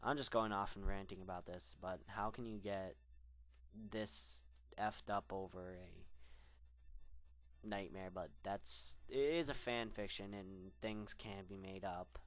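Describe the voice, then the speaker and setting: A man's voice: deep voice, steady tone, slow pace, a bit bright. A young man reading a fan story aloud, rambling in asides and stumbling over words. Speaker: fan fiction reader.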